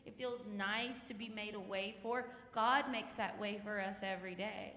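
Bright-voiced woman telling children a story. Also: mid-range voice, normal speed. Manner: gentle, animated, talks to children. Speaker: children's time leader. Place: church sanctuary. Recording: echoey church hall, faint noise.

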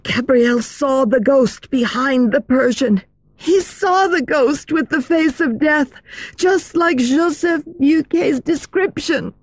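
Jeanne, a woman doing an excited young dancer. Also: high voice, slow pace, no echo, voice pushed up. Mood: insistent. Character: excitable young ballet girl, frightened.

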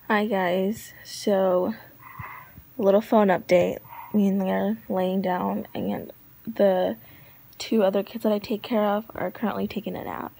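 A woman's voice: mid-range voice, little pitch movement, measured pace, gravelly, warm tone. A young woman vlogging casually into her phone, rambling and hesitant with many fillers, sounding sick and down. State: feeling sick and down. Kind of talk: casual vlog chat.

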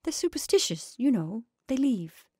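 Brief: woman reader plays a shy middle-aged sheriff's wife, soft and shrinking. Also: a little high, sing-song, normal speed, breathy edge, dry recording, clean studio sound, pitched above the performer's own voice. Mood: flustered. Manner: hushed, shrinking, half-whispered.

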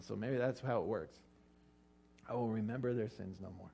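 A man preaching a casual, joking sermon, acting out quotes with sudden jumps in pitch. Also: normal speed, vocal fry, a little mellow, slightly rough. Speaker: pastor. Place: church or hall with an audience eating lunch.

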